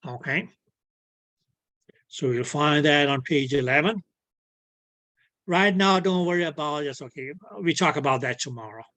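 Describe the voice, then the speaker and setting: A man teaching an online physics class, slowly and patiently, filling his speech with "okay" and making small grammar slips. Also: fairly high pitch, pushed and bright. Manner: repeats "okay" as filler, non-native grammar slips. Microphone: video call.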